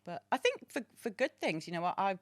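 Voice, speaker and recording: A woman's voice: medium pitch, big pitch swings, fairly quick, dry recording. A woman hosting a podcast in casual chat, engaged and reflective. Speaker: podcast host.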